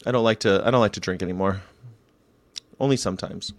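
A middle-aged man ranting sarcastically in a casual monologue, jumping between loud outbursts and low mutters. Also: fast talker, no echo. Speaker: vegan commentary host.

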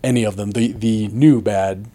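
Mellow-voiced man in wry movie chat. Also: fairly low pitch, steady tone, moderate pace. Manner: wry, sarcastic asides.

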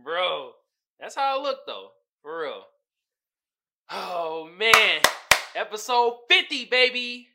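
A man hosting his own podcast in casual solo chat, slangy and animated, laughing often. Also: high voice, slow pace, pauses often, very noisy. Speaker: podcast host.

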